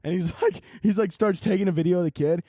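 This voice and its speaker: Man, podcast host, rambling comedic monologue, profane, slightly high voice, dry close mic. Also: fast, mellow, no echo. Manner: rambling, profane, laughing often.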